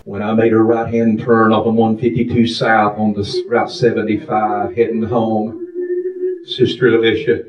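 A man's voice: fairly low pitch, echoey room, highs cut off. A man preaching a testimony sermon in a fervent, sing-song style, calling out hallelujahs, recorded from a distance in a church. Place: church sanctuary.

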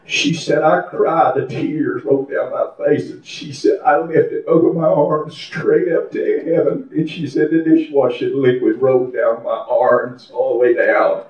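An older man preaching a fervent testimony sermon in a church, building to shouting. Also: medium pitch, unhurried, hardly any pauses. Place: church sanctuary. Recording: echoey, distant, dull church recording.

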